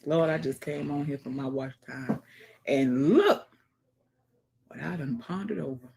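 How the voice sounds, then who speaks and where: Low-pitched and a little mellow, with vocal fry, this livestream host speaks unhurriedly into a phone microphone. On her casual stream she reads out viewer comments, adding folksy exclamations and slipping into murmurs and whispers.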